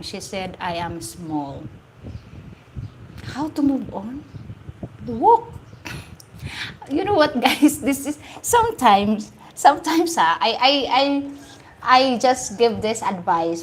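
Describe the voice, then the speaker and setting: A woman's voice: fairly high pitch, big pitch swings, slow, slight background noise, low-quality recording. Chatty Filipino-accented woman streaming live. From Philippines. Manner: laughs often, repeats phrases, chatty and teasing. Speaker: livestream host. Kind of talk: casual live-stream chat answering comments.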